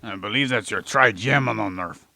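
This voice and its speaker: A man co-hosting a casual comedy podcast, with a deadpan, mock-scientific manner. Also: fairly low pitch, moderate pace, creaky, no room sound. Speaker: podcast co-host.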